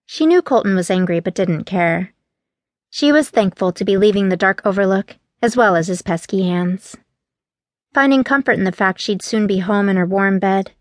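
A woman reading a novel aloud as an audiobook narrator, steady and even. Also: medium pitch, no echo, studio quality. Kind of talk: scripted narration.

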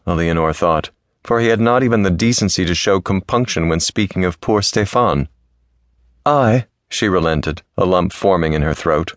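A male narrator reads a historical romance with a very low voice. His telling is smooth and even, recorded dry and close to the mic. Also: no echo. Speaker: audiobook narrator.

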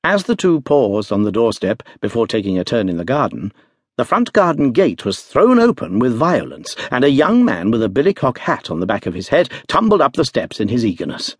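Expressive husky male audiobook narrator. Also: mid-range voice, brisk, no room sound, studio quality. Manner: expressive storytelling. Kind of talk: scripted narration.

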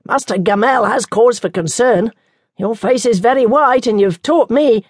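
A woman reading the part of a mild, good-humoured young monk from London, speaking gently and wryly. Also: very high-pitched, normal speed, husky, no room sound, clean studio sound, voice pushed up. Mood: gentle.

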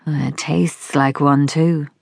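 A woman voicing a frail, bedridden old man with a croaky, weak voice. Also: sits low, steady tone, takes it slowly, darkish tone, no room sound, clean studio sound, exaggerated voice. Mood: weak, tender.

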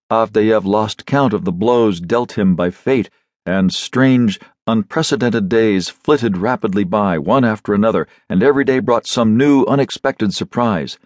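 A man narrating an audiobook in a measured storytelling manner, recorded on a studio microphone. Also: on the low side, dry recording. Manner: measured storytelling with expressive phrasing. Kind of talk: scripted narration.

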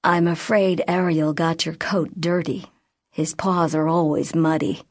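A woman's voice: sits low, fairly even intonation, unhurried. Woman doing a somber, polite teenage boy. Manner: polite but commanding. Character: tall, somber teenage boy, a year older.

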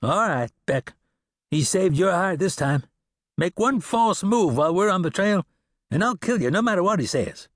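A man voicing an angry, hot-headed male bounty hunter in an audiobook western, shouting in a hostile way. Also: high voice, very animated, normal speed, dry recording, studio quality, voice pushed up, exaggerated voice. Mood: threatening.

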